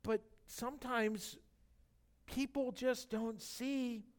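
A man preaching a sermon as pastor, animated and acting out the scripture quotes in different voices. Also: extremely high pitch, slow.

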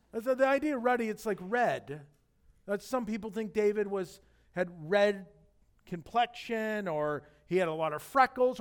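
A middle-aged man, a pastor, delivering a sermon in a conversational, animated storytelling manner with jokes and asides. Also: sits high.

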